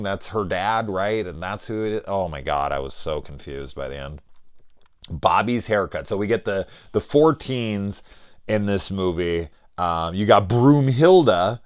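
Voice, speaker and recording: A young man reviewing a horror film in casual chat, swearing freely and trailing into restarts as he rambles into a personal story. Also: deep voice.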